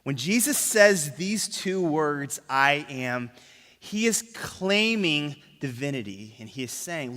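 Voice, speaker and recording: Male pastor, sermon; slightly high, bright voice; emphatic, hushes key words; church reverb. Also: lively intonation, slow. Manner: asks the crowd rhetorical questions. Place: church sanctuary. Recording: long reverb of a church hall.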